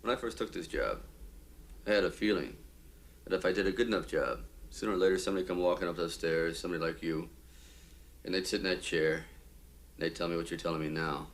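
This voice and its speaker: A man's voice: sits low, fast talker, long pauses. An actor playing a brash young male union organizer, streetwise and pushy, blunt and teasing. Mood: defiant. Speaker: union official. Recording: film soundtrack with steady background noise.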